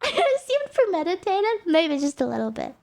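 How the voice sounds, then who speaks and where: A young woman streamer casually telling a story, animated and laughing often, with lots of "like" fillers. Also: extremely high pitch, normal speed.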